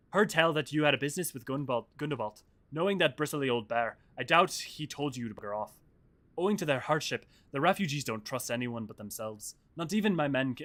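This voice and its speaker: A man's voice: mid-range voice, fairly bright tone, natural voice. A man voicing a friendly, chatty male security chief in a game, reading his lines in a folksy, helpful manner.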